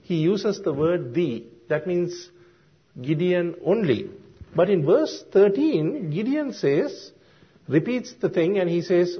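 A man preaching a sermon, explaining Bible verses slowly and deliberately with frequent ums and uhs. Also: high voice, expressive, husky. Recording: dull lo-fi sermon recording.

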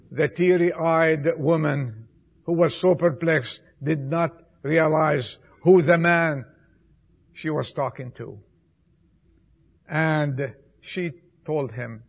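A man preaching an Easter sermon, with emphatic repetitions, swinging between loud appeals and soft, hushed passages. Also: on the high side, gravelly. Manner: slow, emphatic delivery with repetitions.

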